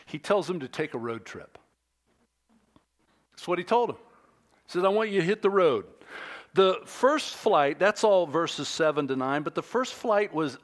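A middle-aged pastor moves back and forth between animated, raised preaching and a hushed, intimate storytelling voice during his sermon. His voice is a little high.

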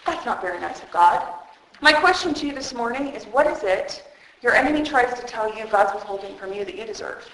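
Middle-aged woman preacher, high voice, animated and humorous, booming echo of a large hall. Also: a little fast. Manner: animated, jokey, acts out voices. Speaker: women's speaker preaching on Genesis. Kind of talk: sermon. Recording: very echoey hall.

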